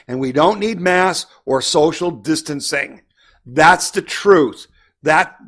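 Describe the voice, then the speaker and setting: Combative high-voiced male commentator. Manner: combative, emphatic. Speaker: host of a political news show. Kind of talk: opinion commentary.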